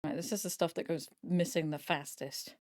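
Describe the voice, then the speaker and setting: A woman's voice: low-pitched, fairly even intonation, normal speed, darkish tone, no echo, studio quality. Chatty woman talking to herself while sewing. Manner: chatty self-talk, mild swearing. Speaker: streamer. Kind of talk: casual chat while sewing on a live stream.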